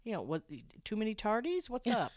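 A woman's voice: on the high side, very animated, a little fast. A woman recapping a film plot for a podcast, telling the story with joking asides. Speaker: podcast co-host. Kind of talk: movie plot recap and casual chat.

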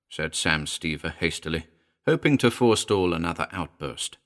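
A man narrating an audiobook in an expressive storytelling manner. His voice is very deep, with a wide, lively rise and fall. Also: normal speed.

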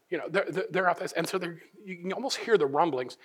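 A middle-aged male pastor preaching a sermon, acting out voices and swinging from hushed asides to loud emphatic points. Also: sits high, fast, few pauses, husky. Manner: animated, acts out voices, many restarts.

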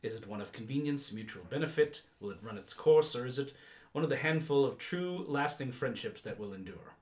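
Man doing a courteous English chap reading his own letter, lively pitch, echoey room. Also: brisk, natural voice. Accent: put-on English accent. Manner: formal, articulate letter-writer. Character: polite, wordy male listener from England.

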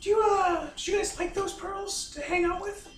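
A woman with a very high voice joking her way through a tabletop game. She is playful and boastful. The mic sits at a distance in an echoey room with faint background noise. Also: fairly even intonation, normal speed. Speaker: tabletop player. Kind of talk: casual in-character play.

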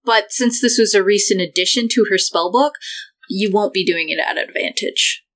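A woman running a tabletop game as game master, calm and descriptive. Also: medium pitch, rough recording. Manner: calm, descriptive, measured narration.

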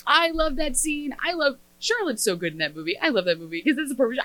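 A woman co-hosting a podcast in casual chat, sarcastic and expressive. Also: sits high, fast, no room sound, poor audio. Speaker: podcast co-host.

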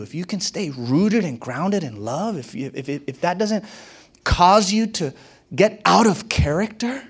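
Key phrases get repeated again and again as this man preaches emphatically. His pitch ranges widely, at times sinking to a whisper and at times climbing sharply.

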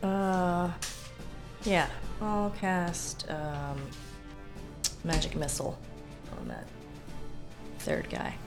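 Female tabletop player, low animated voice, unhurried, music playing behind. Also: gravelly. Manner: slow, unhurried, with fillers. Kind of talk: casual tabletop play.

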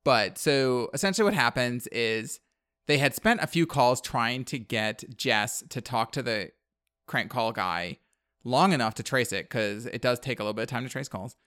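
A man in an easygoing podcast chat, talking through a film's plot in a loose, rambling way full of "like"s and dry side comments. His voice sits at an ordinary pitch and sounds close and dry, with no room around it. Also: normal speed, a bit bright, clean tone, no room sound. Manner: rambling, filler-heavy, wry asides. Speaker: podcast co-host. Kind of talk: casual movie recap chat.

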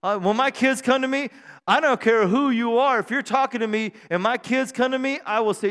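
A middle-aged male pastor preaching a sermon on a church stage mic, joking and self-deprecating, then building to shouted praise. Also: high-pitched, brisk, smooth. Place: church sanctuary. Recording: long hall reverb in a church.

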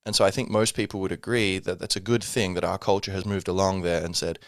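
A man's voice: sits low, level tone, fast talker, few pauses, dry recording, clean studio sound. A man hosting a casual solo podcast, rambling with many fillers and self-corrections. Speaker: podcast host.

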